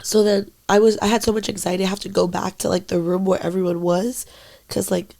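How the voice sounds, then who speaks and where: A young woman with a gravelly, creaky voice, co-hosting a casual podcast. She tells a story candidly, with lots of "like" fillers and plenty of swearing. Her pitch sits mid-range for a woman. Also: little pitch movement, fairly quick, warm tone. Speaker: podcast co-host. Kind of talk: casual chat.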